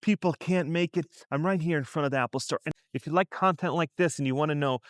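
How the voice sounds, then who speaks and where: Standing outside a store in a shopping district, a finance vlogger talks casually to the camera at a quick pace, his relaxed voice pitched a little high for a man. He keeps firing rhetorical questions at viewers, and the audio is dry and close with no room echo.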